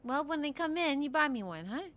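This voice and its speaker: A woman's voice: high-pitched, animated, fairly quick, fairly bright tone, dry recording. A woman playing a cheeky, teasing hustler. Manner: teasing, bouncy, laughs easily. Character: cheeky woman angling for a gift car. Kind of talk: online role-play in character.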